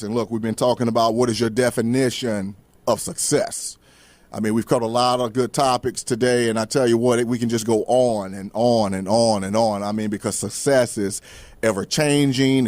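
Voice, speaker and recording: A man's voice: mid-range voice, a little mellow, dry recording. A man hosting a faith-based motivational talk show, speaking casually with folksy asides and frequent restarts. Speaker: host.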